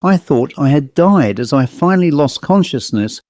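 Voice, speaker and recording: A man's voice: fairly high pitch, lively intonation, normal speed, a little mellow, dry recording, clean studio sound. Man narrating a ghost story. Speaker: audiobook narrator. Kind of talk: scripted first-person narration.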